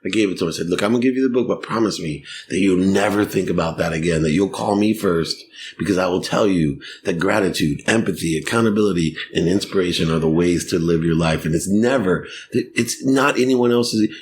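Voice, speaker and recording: A middle-aged man telling animated stories as a guest on a podcast interview. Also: low voice, fast talker, a little hiss or hum. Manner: animated, laughing storyteller. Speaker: guest, sports marketing executive.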